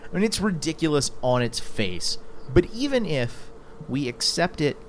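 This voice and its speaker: Man, podcast host, casual chat, lively pitch swings, exasperated, faint background hiss. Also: normal speed. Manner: animated, exasperated, rising to high pitch when incredulous.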